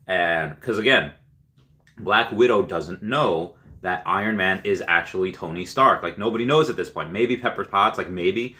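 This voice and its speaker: A man hosts a casual livestream in a rambling, offhand way, filling his talk with fillers and quick restarts. His voice sits on the lower side yet comes across bright and forceful. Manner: rambling, filler-heavy storytelling. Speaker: livestream host.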